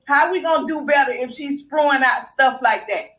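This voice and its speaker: A woman's voice: high-pitched, moderate pace, a bit bright, rough recording. A woman calling into a live stream, making an earnest and emphatic complaint. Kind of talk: casual call-in commentary.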